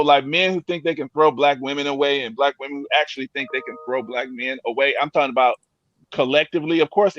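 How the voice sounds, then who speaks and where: A man in a casual panel chat, speaking in a reflective, measured way. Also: on the high side, a bit bright, no room sound, muffled recording.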